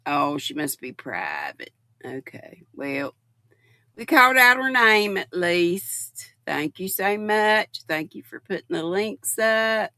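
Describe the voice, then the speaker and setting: Woman in her sixties, unhurried and dry-sounding, affectionate host reading her viewers' comments aloud. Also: on the low side, sing-song, pushed and bright, dry recording. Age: 60s. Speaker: livestream host.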